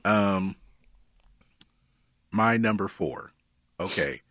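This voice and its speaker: Lively low-voiced man in casual chat. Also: husky, dry recording, studio quality. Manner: laughs often, halting and hesitant. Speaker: podcast co-host.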